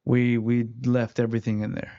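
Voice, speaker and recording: A man's voice: medium pitch, monotone, moderate pace, dark tone, clean tone, dull audio. A man, an interview guest who fights, telling his story in casual chat with many fillers. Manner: rambling, lots of "like" fillers.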